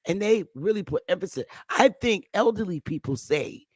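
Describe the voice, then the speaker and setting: A woman with a Northern US accent giving blunt, animated, casual commentary as host, swearing freely. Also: medium pitch, moderate pace, no room sound. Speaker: channel host.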